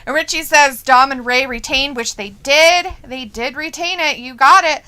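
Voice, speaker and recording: A woman's voice: sits high, sharp tone. A woman co-hosting a live watch-along show, chatting casually, laughing often and reading out viewer comments. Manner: giggly, reads chat messages in quick bursts.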